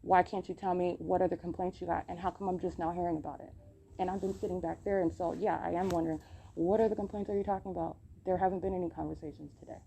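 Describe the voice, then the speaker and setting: A woman's voice: lowish voice, steady tone, quick pace, creaky, dark tone. Woman going on and on, accusing, repeats herself, darkish voice, noisy phone recording in a library. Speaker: podcast host recording her own encounters. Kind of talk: live self-recorded commentary. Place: public library.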